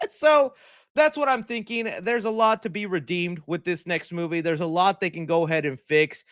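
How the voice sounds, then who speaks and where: A man hosting a livestream, talking in a rambling, joking, animated way at his desk mic. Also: high-pitched, normal speed, clean tone, no echo, studio quality. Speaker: livestream host. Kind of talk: casual livestream chat.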